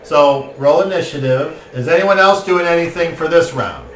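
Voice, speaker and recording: A man running a tabletop game as game master, excitable and quick to burst into laughter and shouts. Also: a little high. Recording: roomy, distant mic with faint noise.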